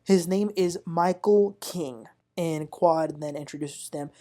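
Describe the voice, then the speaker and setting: A woman hosting a casual reality TV recap, talking in an animated, indignant way and addressing viewers as "y'all.". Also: deep voice, slow pace. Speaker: TV recap host.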